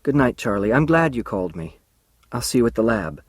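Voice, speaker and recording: A man reading as a gentle, cautious young woman teacher. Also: medium pitch, very animated, brisk, dry recording, studio quality. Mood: gently cautious. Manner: soft, pleading, patient.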